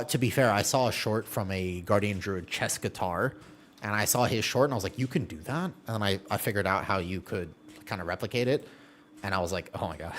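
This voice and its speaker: A man with a lowish voice streams a game, chatting casually with his viewers and reading and answering their messages as he plays. He often laughs and trails off mid-sentence. The recording carries a slight hiss or hum.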